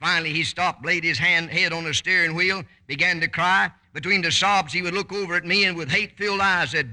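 A preacher man delivers a fervent sermon in a very bright, slightly high voice. He breaks into sudden loud, high bursts and rattles off quick asides. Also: steady tone.

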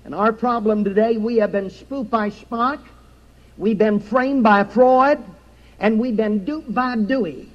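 A man preaches from the pulpit with a strikingly high voice and an emphatic, rhythmic cadence as he recites scripture. The recording is dull and lo-fi, with a muffled top end. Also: unhurried. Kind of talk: sermon. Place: church sanctuary.

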